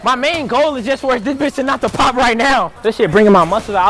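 A man's voice: extremely high pitch, steady tone, a little fast, noisy background. A young man, vlogging a prank with nervous, joking, slangy chatter. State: out of breath at times. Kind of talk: casual vlog chat.

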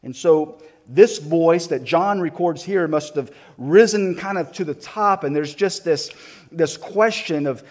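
A man's voice: a little high, unhurried, a little mellow. A man pastor preaching a sermon, retelling a story and acting out the voices in it, with frequent small restarts.

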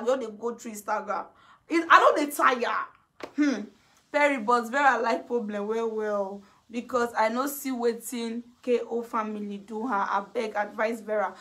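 A woman's voice: a little high, bright, forceful tone. A Nigerian woman vlogger in a casual gossipy chat, talking freely and laughing often. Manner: chatty, laughs often, mimics others.

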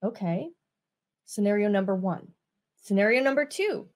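A woman's voice: a little high, animated, a little mellow. A woman business coach talking casually to camera, drawing out her words and checking that listeners follow her. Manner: unhurried, drawn-out words, asks listeners if they follow.

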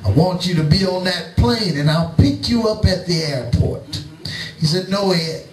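A middle-aged man preaching in a church, telling a story slowly and acting out both sides of a conversation. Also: sits high, recorded from a distance. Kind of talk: sermon storytelling. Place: church sanctuary. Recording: echoey church, preacher away from the mic.

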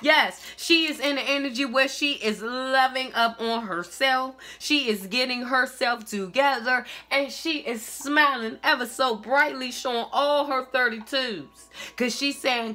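Female tarot reader, emphatic and sassy, fairly high and bright. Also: unhurried. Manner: sassy, emphatic, repetitive call-outs. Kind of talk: tarot reading monologue.

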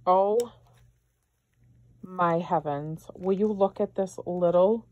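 A woman's voice: lowish voice, takes it slowly, long pauses, darkish tone, dry recording, lo-fi sound. A woman vlogger opening mail from friends, gushing and effusive and moved to tears as she talks. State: tearful. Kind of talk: casual unboxing chat.

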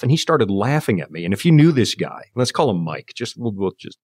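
A man's voice: medium pitch, sing-song, a little fast, hardly any pauses, a little mellow, dry recording, clean studio sound. A man in his fifties from Canada, telling his faith story as an interview guest and acting out the voices he quotes. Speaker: guest preacher. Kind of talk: personal testimony in conversation.

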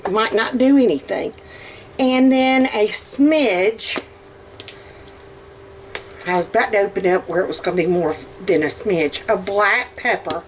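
A woman's voice: mid-range voice, a little hiss or hum. A middle-aged woman with a Southern US accent chatting casually as she cooks in her home kitchen, rambling along with plenty of "um"s. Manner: chatty, rambling, with drawn-out words and many "um"s. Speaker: cooking vlogger. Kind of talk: casual cook-along chat.

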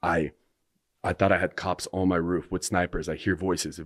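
Deep-voiced man telling a story. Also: steady tone, fast, no echo, clean studio sound. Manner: rambling, restarts sentences, swears freely. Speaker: podcast guest. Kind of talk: casual storytelling in conversation.

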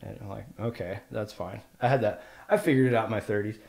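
A man's voice: rapid-fire, gravelly. A middle-aged man from Washington State, a pro snowboarder, telling stories as a podcast guest and acting out the voices in them. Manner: animated storyteller who acts out quotes with jumps in pitch and loudness. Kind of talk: casual storytelling interview.

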